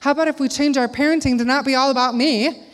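A middle-aged woman delivers a sermon in a chatty, animated way, throwing rhetorical questions at her listeners. Her voice sits slightly high. The sound carries a long reverb, as if she is in a large hall. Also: quick pace. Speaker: speaker at a church gathering.

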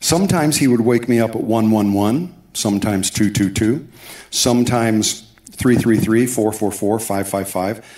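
A man with a fairly low voice preaches a personal testimony, telling it as a story with asides and quoted bits of dialogue. The sound carries the echo of a big church hall. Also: a little slow, darkish tone. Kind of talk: sermon testimony. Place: church sanctuary.

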